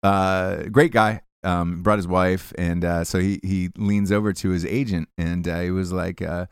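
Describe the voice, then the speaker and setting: A man's voice: low voice, fairly even intonation, unhurried, smooth, no room sound, studio quality. Profane rambling male podcast host. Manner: profane, rambling, restarts often. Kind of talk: casual chat and ad reads.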